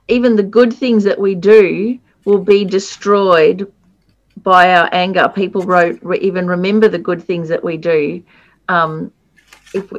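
A woman in a casual group discussion, speaking hesitantly with many fillers and restarts. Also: mid-range voice. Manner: hesitant and halting, many ums. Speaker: group participant.

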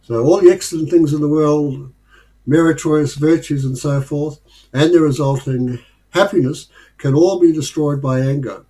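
A man leading a casual study group discussion, talking in a thoughtful, unhurried way with pauses and fillers. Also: a little high, dark tone, low-quality recording.

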